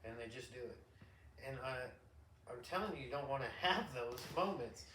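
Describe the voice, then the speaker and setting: A middle-aged man hosting a podcast, an animated storyteller who rambles, restarts and laughs often in casual chat. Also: mid-range voice, normal speed, a little hiss or hum. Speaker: podcast host. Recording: roomy echo, distant mic.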